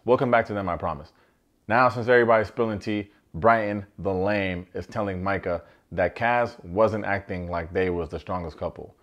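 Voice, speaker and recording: A man recapping a reality show in a comedic commentary style, animated and slangy with joking asides. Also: low-pitched, moderate pace, muffled recording.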